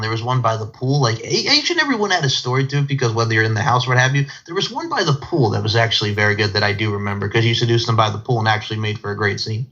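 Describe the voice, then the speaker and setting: A man's voice: mid-range voice, sharp tone. A man hosting a casual interview, rambling through digressive stories and laughing often. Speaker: podcast host. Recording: dull lo-fi sound.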